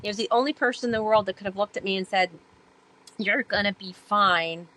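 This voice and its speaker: A woman's voice: mid-range voice, rapid-fire, poor audio. Chatty woman sharing sailing stories. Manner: chatty, with many fillers; animated when she acts out past dialogue. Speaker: podcast guest, sailor and author. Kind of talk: casual storytelling interview.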